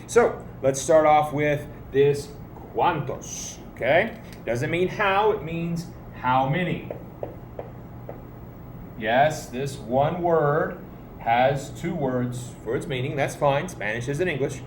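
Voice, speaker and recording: A Spanish teacher gives a classroom video lesson, explaining patiently to his students and adding playful emphasis. His voice is on the high side and slow, recorded in an echoey room with faint ambience and slight background noise.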